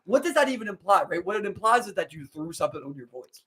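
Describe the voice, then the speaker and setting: A man's voice: high-pitched, fast talker, breathy edge. A man with a Baltimore accent co-hosting a casual podcast, telling stories and acting out the voices of the people in them. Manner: animated storyteller, acts out quoted voices. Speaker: podcast co-host.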